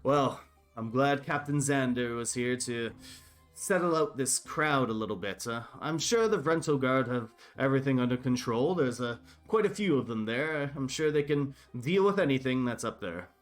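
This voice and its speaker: A man's voice: mid-range voice, expressive, moderate pace, soft background music, natural voice. A man voicing a pious townsman who reassures a player and blesses him in a fatherly way. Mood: reassuring.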